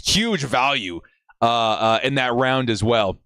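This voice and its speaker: A young adult man hosting a live fan watch party stream, excitedly shouting reactions and reading chat messages aloud. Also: mid-range voice, takes it slowly, clear, resonant tone, no room sound, studio quality.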